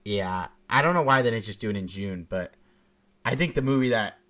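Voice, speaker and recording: Chill podcast dude, lowish voice, matter-of-fact. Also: male voice, animated, a little fast, a bit bright. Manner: laid-back, matter-of-fact. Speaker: podcast co-host. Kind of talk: casual chat.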